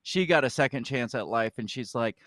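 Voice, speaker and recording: A man co-hosting a casual news podcast, chatting and acting out quotes in sudden high voices. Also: lively intonation, fairly quick, a bit bright, dry recording, clean studio sound. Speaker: podcast co-host.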